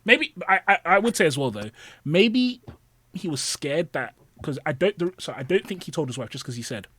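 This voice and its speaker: A man's voice: fairly high pitch, sing-song, normal speed, a bit bright, husky, no room sound. A man hosting a podcast, chatting casually and animatedly acting out his own past rants. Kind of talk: casual chat.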